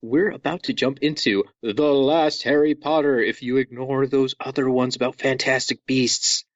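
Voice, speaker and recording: A man hosting a podcast in a casual, jokey way, walking listeners through things with lively asides. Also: medium pitch, normal speed, no room sound, muffled recording. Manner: jokey, animated, over-explaining. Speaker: podcast host.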